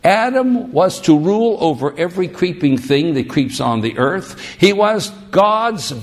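A man preaching a sermon, animated and emphatic, teaching through rhetorical questions. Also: sits high, unhurried.

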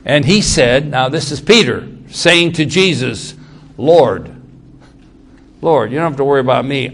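A man preaching a sermon, reading scripture aloud and acting out the quotes with sudden swings in loudness and pace. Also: mid-range voice, expressive, unhurried. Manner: dramatic quoting of scripture, shifting loudness and pace.

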